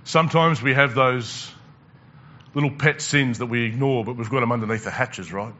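Bright-voiced pastor preaching, lo-fi sound. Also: male voice, medium pitch, normal speed. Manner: conversational, asks the congregation questions, repeats words. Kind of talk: sermon.

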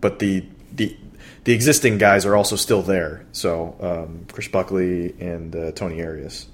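A man co-hosting a podcast, talking baseball in a relaxed, chatty way with plenty of fillers and restarts. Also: low-pitched, measured pace, husky. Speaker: podcast co-host. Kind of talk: casual baseball chat.

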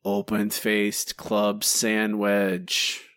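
A man hosting a podcast, reading listener answers aloud in a relaxed, chatty way with some self-corrections. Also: fairly low pitch, drawn-out words, smooth, no room sound, clean studio sound. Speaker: podcast host.

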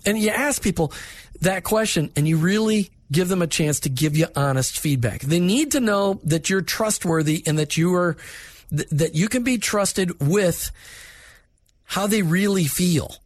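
High-voiced man giving plain advice. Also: expressive, a little slow, no echo. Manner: direct, plainspoken, instructive. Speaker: management advice speaker. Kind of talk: conversational advice talk.

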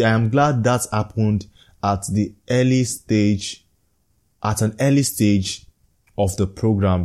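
A man's voice: lowish voice, dark tone. A young man earnestly telling a personal story from a leadership program, reflective and often chuckling.

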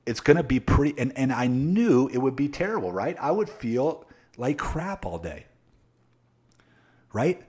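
A man's voice: mid-range voice, big pitch swings, measured pace, darkish tone, breathy edge. A man giving a motivational coaching talk to viewers, repeating his points emphatically and often checking in with tag questions. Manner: addresses viewers directly. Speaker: sales coach. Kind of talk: motivational live-stream talk.

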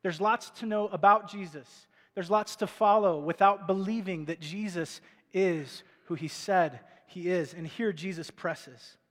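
Guy pastor giving a sermon, fairly high voice, chatty with lots of "right?" questions, long hall echo. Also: a little slow, a bit bright. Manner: conversational preaching with rhetorical questions. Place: church stage before a congregation.

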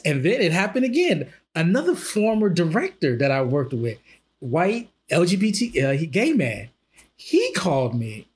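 A man co-hosting a podcast, talking in a casual, earnest and halting way, with many restarts as he works through his thoughts. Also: on the high side, husky. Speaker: podcast co-host. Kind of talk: casual discussion.

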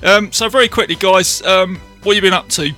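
A man's voice: high-pitched, moderate pace, pushed and bright, faint music behind. A man hosting a podcast, chatting casually with guests in a friendly, laughing way. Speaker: podcast host.

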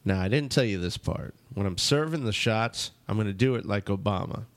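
A man's voice: fairly low pitch, brisk, dry recording. A man co-hosting a radio talk show, joking and playful in casual banter.

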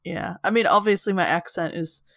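Woman, Minnesotan accent softened by England, low pitch, dry close sound, easy laughs. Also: fairly even intonation, a little fast, creaky, dry recording. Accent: Minnesotan softened by years in England. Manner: laughs often, easygoing. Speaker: podcast guest. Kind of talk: casual chat.

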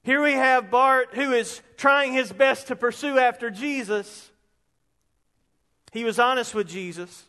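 High-voiced pastor in a reverberant hall. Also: male voice, unhurried. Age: 50s. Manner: animated preaching, builds to shouts on quotes. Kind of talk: sermon. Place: church sanctuary. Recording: long reverb of a large hall.

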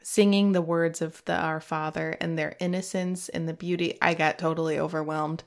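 A woman's voice: deep voice, little pitch movement, normal speed. A middle-aged woman hosting a podcast, telling a personal faith story in a heartfelt way, emotional at times and laughing through tears. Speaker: podcast host.

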